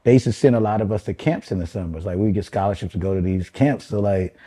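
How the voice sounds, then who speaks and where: A man in his forties from Chicago's west side, a comedian guest telling animated, profane stories in casual chat. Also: fast. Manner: animated, does high mocking voices of relatives, swears a lot.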